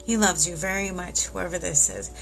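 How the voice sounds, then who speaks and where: A woman doing a live tarot reading who speaks warmly and reassuringly and keeps tearing up. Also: fairly low pitch, moderate pace, vocal fry, over music. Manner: emotional, tearful, reassuring. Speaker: tarot reader.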